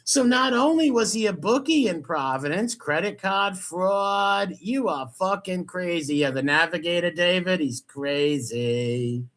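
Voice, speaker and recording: A man's voice: high voice, animated, measured pace, few pauses, a bit bright. A man hosting a podcast who talks over a clip, scoffing and mocking the speaker. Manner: sarcastic, scoffing, repeats and mocks the guest. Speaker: podcast host commenting on a replayed interview.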